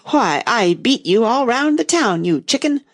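A woman voicing a tired, gruff male lion in a storybook, yawning and growling. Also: mid-range voice, sing-song, measured pace, dry recording, studio quality, pitched above the performer's own voice. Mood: sleepy gruff. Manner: lazy, growling.

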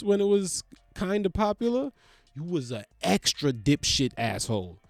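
A man from the United States delivering a profane, incredulous comedic rant, with loud, animated jumps in his delivery. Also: on the high side, moderate pace, no echo.

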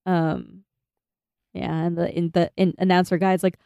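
A woman's voice: lowish voice, flat delivery, a little slow, gravelly, dark tone, clean tone, no room sound, studio quality. A woman co-hosting a podcast, chatting casually and laughing as she reads out her notes. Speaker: podcast co-host. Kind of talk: casual chat recapping an anime.

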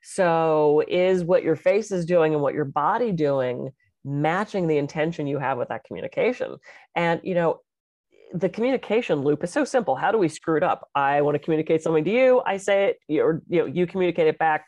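Woman, podcast co-host, animated storyteller, low-ish voice, dry close-mic sound. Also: fairly quick, dry recording. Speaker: podcast co-host and public speaker. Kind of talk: casual chat.

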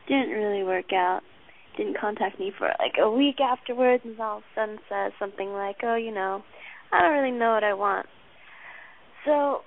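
A young woman leaving a rambling, casual voicemail as a caller to a radio show. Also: a little high. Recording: tinny phone-line voicemail.

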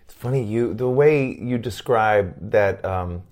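A man hosting a podcast interview, speaking in a lowish voice. He is reflective and ties the guest's story back to earlier conversations. His manner is thoughtful and unhurried. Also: a little mellow. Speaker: podcast host. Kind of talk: casual interview.

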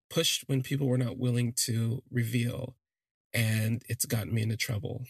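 A man narrates his own story for a podcast, thoughtful and a little hesitant, circling back on his words as he goes. His voice sits at a middling pitch with a gravelly, husky grain. The sound is close and dry. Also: level tone, normal speed, no room sound. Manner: reflective, hesitant, frequent restarts. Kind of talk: first-person storytelling podcast.

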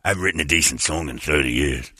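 A man voicing a worn-out old male rock guitarist in a low, gravelly, slurred mumble. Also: racing, bright, forceful tone, dry recording, clean studio sound, heavily acted.

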